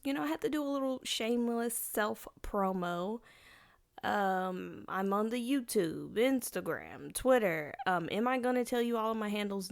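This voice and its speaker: A woman's voice: medium pitch, vocal fry. Rambling, playful woman podcast host. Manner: rambling, playful, slangy, with many restarts. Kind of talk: casual solo podcast chat.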